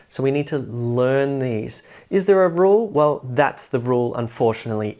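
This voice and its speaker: Woman, pronunciation teacher, deep voice, clear explanatory delivery. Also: a little mellow. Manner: explanatory, slowly contrasts word stresses. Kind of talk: online lesson.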